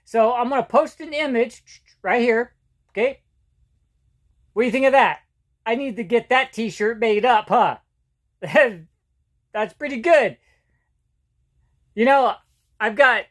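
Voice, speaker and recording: A middle-aged man with a light, fairly high voice for a man, telling self-mocking stories in a loose vlog ramble. He stumbles over words, doubles back, and chuckles at his own jokes. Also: fairly bright tone. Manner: halting, with restarts and repeated words. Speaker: vlogger. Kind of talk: casual storytelling monologue.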